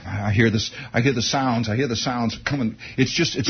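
A man telling a rambling comic story in an animated, digressive way. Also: mid-range voice, moderate pace, vocal fry, few pauses, highs cut off, faint music behind. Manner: animated, digressive, breaks into laughter and sound effects.

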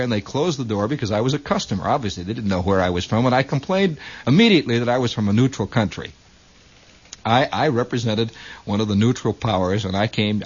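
A man's voice: mid-range voice, breathy edge. A man hosting a radio show, telling a rambling comic story in a wry, storytelling manner with mock-military asides, on a lo-fi old broadcast recording. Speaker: radio host.

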